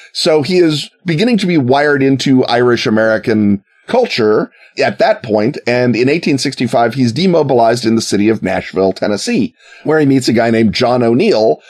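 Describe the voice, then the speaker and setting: A man telling a history story in a casual, wry way, with joking asides and quick put-on voices for quoted people. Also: medium pitch, a little mellow.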